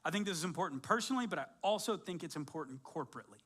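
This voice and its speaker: High-voiced casual male pastor. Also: rapid-fire, husky. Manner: casual and conversational, with many "like" fillers and animated storytelling. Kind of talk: sermon.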